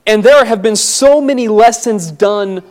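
A young man preaching a sermon, tired from no sleep and emotional, his voice soft and near tears. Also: sits high, measured pace. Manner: emotional, voice breaking, soft and tearful.

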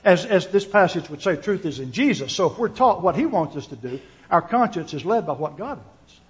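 High-voiced earnest male preacher. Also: big pitch swings, a little fast. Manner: earnest, repeats words while thinking, asks the listeners questions. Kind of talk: sermon with scripture reading. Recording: dull lo-fi recording.

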